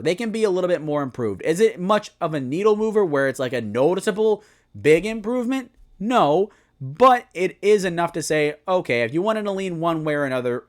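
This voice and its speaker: A young man giving a solo football season preview, talking it through with animated, self-correcting analysis. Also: on the high side. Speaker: sports commentator.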